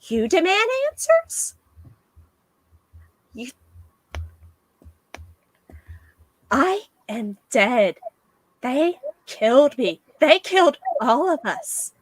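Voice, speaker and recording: A woman's voice: high-pitched, big pitch swings, slow, pauses often, no echo, pitched above the performer's own voice, full character voice. A woman voicing the ghost of an older girl, screaming in fury. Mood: furious screaming. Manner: screaming, furious. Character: angry dead girl ghost, older child.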